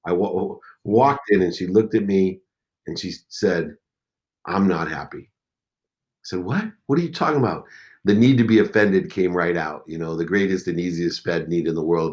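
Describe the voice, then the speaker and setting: A man in his forties with a fairly low voice tells a personal story as a podcast guest. His delivery is intense, and it swings between hushed moments and loud ones. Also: normal speed. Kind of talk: emotional storytelling.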